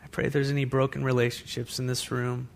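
Speaking fast in a mid-range voice with vocal fry, a man delivers a lively sermon as pastor to a church congregation and makes asides to his listeners. There's slight background noise.

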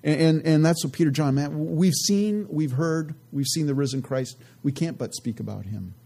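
A man giving conversational Bible teaching, earnest and relaxed, often adding "you know" and reading verses aloud slowly. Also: on the high side, gravelly, breathy edge. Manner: reads scripture aloud slowly and deliberately.

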